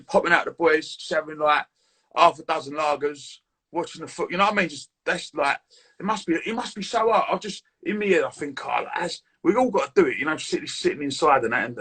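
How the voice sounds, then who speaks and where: Bright, quick laddish man. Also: fairly high pitch, breathy edge. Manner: laddish, slangy, easygoing. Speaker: guest. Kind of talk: casual chat on a video call. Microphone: video call.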